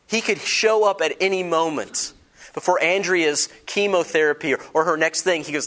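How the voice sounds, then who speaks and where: A man delivering a sermon in a somewhat higher-than-usual voice. He moves from dramatic, hushed moments to lively, humorous storytelling and often asks his congregation questions. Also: a little fast. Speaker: pastor.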